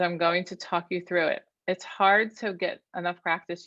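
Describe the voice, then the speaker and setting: A woman therapist runs an online workshop, walking listeners through slow counted breaths in a calm, instructive way. Her voice sits a little low. The recording is dry and a bit dull, as over a video call. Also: no room sound. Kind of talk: guided breathing exercise and teaching.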